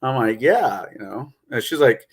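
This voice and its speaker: A man's voice: medium pitch, expressive, moderate pace, husky. Easygoing man telling a family anecdote. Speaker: divorced father in conversation. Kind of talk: casual late-night chat.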